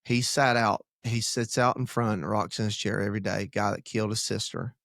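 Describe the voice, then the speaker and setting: A low, gravelly man's voice, recorded dry and close with no room sound. He is a pastor telling a story in an earnest, rambling way, restarting his sentences and drifting into preaching. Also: fairly even intonation, brisk, a bit bright, no room sound. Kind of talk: conversational storytelling in a church podcast.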